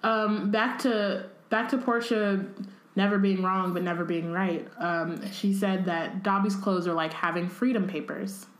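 A woman's voice: medium pitch, fairly even intonation, unhurried. A woman co-hosting a casual podcast, reading a book aloud and breaking off for chatty asides full of filler words. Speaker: podcast co-host. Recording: roomy echo.

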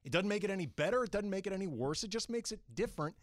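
A man's voice: sits high, animated, rapid-fire, no echo, studio quality. A man co-hosting a sports talk radio show, firing back with emphatic rebuttals. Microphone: studio microphone.

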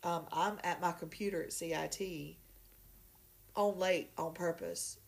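A woman, a podcast guest, telling a story in a lively, casual way and acting out other people's voices. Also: lowish voice, unhurried, creaky. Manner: animated, acts out voices in her story.

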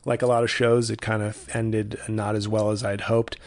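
A man's voice: fairly low pitch, little pitch movement, normal speed. Rambling comedic man podcasting. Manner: rambling, self-interrupting. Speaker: podcast host. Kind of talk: casual comedic monologue.

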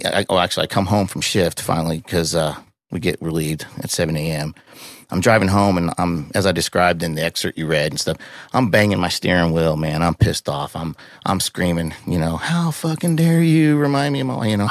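Deep gravelly middle-aged man, halting and raw. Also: dry recording, studio quality. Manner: raw, halting, swears often, with many restarts and fillers. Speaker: podcast guest. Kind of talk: emotional personal storytelling.

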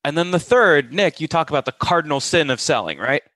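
A man's voice: on the high side, lively intonation, brisk, fairly bright tone, no echo, rough recording. A man co-hosting a sales advice podcast, emphatic and blunt, acting out quotes. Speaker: co-host.

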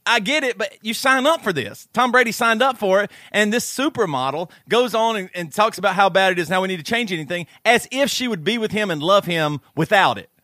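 Podcast co-host, male, high bright voice, animated ranting storyteller, dry mic. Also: a little fast, few pauses, dry recording. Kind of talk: casual chat. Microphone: studio microphone.

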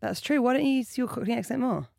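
A woman's voice: fairly high pitch, animated, fast talker, gravelly, a little mellow, no echo, studio quality. A woman co-hosting a podcast, teasing her friend in playful casual banter. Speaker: podcast co-host. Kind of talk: casual chat.

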